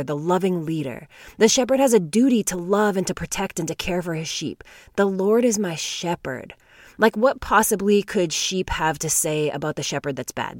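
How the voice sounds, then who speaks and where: A woman hosting a devotional podcast. She talks earnestly, stretches key words out slowly and laughs often. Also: fairly low pitch, dry recording, studio quality. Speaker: podcast host.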